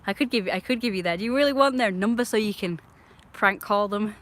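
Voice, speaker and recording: A woman's voice: medium pitch, a little fast, fairly bright tone. A woman chatting casually on a live stream, talking to her viewers and scolding her dog.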